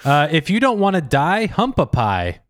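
A young man with a fairly high, lively voice reads out joke slogans in a flat deadpan, then cracks up laughing. He sounds close and dry, with no room around him. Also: normal speed, dry recording. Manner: reads lines aloud deadpan, breaks into laughter. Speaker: podcast co-host. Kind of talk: casual comedy chat.

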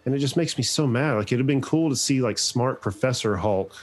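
A man hosting a casual podcast chat, animated and jokey, swearing freely. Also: mid-range voice, a little fast, slightly rough, soft background music. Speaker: podcast host.

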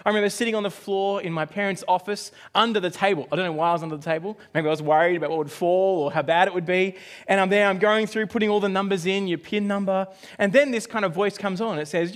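Aussie guy in his 40s preaching, high-pitched, tells stories and acts them out. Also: brisk. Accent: Australian. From Australia. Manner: animated storytelling, acts out his own reactions. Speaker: pastor. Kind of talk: sermon with personal story.

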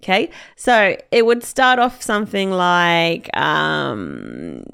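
A woman's voice: fairly low pitch, slow, vocal fry, clean tone. A woman co-hosting a podcast, retelling a story in casual chat and acting out the quotes with lots of laughter. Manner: animated storyteller, acts out quotes, laughs often. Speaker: podcast co-host.

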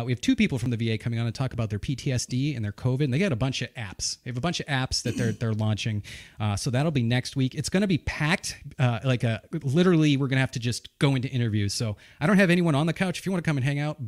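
A man's voice: medium pitch, fast talker, darkish tone. A man with a New England accent hosting a show from a studio, casually running through announcements, rambling and correcting himself as he goes. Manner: rambling, loose, self-correcting, joking. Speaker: podcast host.

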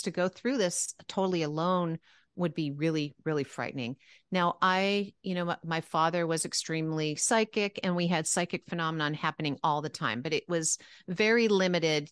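A woman's voice: deep voice, clean tone, no room sound. A woman host responding with empathy and reflecting on her own experiences. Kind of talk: casual conversation.

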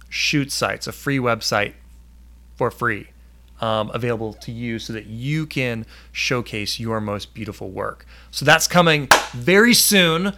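A man's voice: mid-range voice, bright, forceful tone. A man hosting a casual live stream, upbeat and full of fillers, reading viewer comments aloud.

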